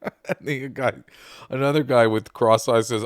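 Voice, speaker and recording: A man hosting a podcast, chatting casually and excitedly about favorite comedy films, swearing and laughing as he retells scenes. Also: medium pitch, unhurried, dry recording, studio quality. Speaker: podcast host. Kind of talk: casual movie ranking chat.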